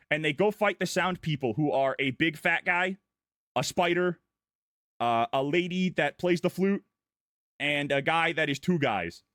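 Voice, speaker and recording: Casting note: male vtuber, slightly higher voice, irreverent rambling recap, dry close mic. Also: a bit bright, no room sound. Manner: goofy, irreverent, breathless run-on storytelling. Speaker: vtuber streamer. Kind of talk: casual rambling plot recap.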